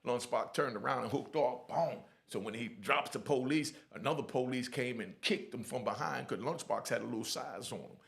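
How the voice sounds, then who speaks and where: A middle-aged man telling his own prison stories in blunt, lively street talk, often asking "you know what I mean". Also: mid-range voice, normal speed, creaky, hardly any pauses. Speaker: storyteller sharing prison stories. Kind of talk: casual storytelling.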